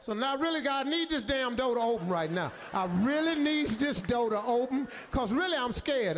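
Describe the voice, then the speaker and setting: An older man doing stand-up storytelling, loud and animated, often shouting his punchlines. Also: extremely high pitch, moderate pace, hardly any pauses, a little hiss or hum. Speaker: stand-up comedian. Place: comedy stage. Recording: live hall reverb, faint ambience.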